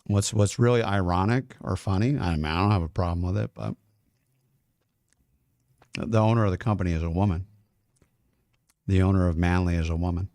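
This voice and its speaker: A man's voice: deep voice, a little fast, pauses often, a little mellow, no echo, clean studio sound. A man, a music producer, chatting casually and rambling as he masters a song live, swearing now and then. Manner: talks while chewing. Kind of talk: casual livestream talk while mastering.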